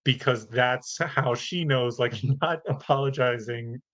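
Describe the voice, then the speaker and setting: A man's voice: medium pitch, a little slow, fairly bright tone. A man hosting a podcast who talks in a rambling, thoughtful way and laughs lightly. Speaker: podcast host. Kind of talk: casual podcast conversation. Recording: slightly dull lo-fi.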